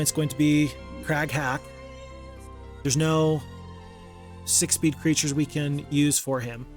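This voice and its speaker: A man with a slightly high voice talks through a strategy game as a gaming host, reasoning aloud and counting units quietly under his breath. He is casual and openly self-critical about his mistakes. Faint music plays behind him. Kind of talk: casual gameplay commentary.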